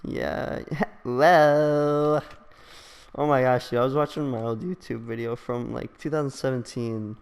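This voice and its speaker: A man's voice: medium pitch, steady tone, unhurried, gravelly, smooth, long reverb tail. A young man hosting a gaming session, teasing a friend with crude jokes and frequent laughter. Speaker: gaming channel host. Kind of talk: casual gaming banter.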